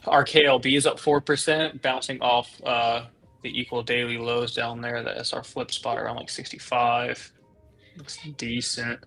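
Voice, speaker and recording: A man hosting a casual live trading stream, calling out chart setups in a quick, upbeat way with music playing in the background. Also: medium pitch, level tone, creaky, fairly bright tone. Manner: quick, upbeat market commentary with laughs.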